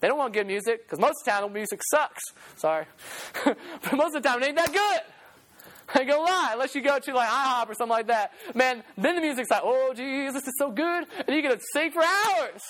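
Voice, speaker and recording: Young man, high voice, animated youth sermon, laughs a lot, slangy. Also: fast. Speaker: youth preacher. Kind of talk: casual storytelling sermon.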